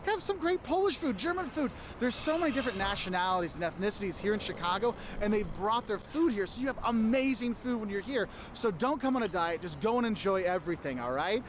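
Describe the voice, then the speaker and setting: A man with a notably high voice talks to camera outdoors, explaining things in a chatty, lightly humorous way. Faint city traffic hums in the background. It sounds like a casual travel vlog. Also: animated, quick pace, few pauses. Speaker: travel vlogger.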